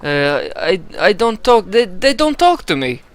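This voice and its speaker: A man's voice: high voice, sing-song, unhurried, clear, resonant tone, no echo, voice pushed up. A man voicing a nervous male market trader who stammers and whines. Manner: stammering, whiny.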